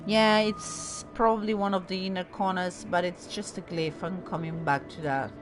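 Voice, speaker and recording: A woman's voice: on the low side, fairly even intonation, normal speed, music in the background. A woman hosting a let's play, chatting through her gameplay in a self-mocking way and talking to the game characters. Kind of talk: casual gameplay commentary.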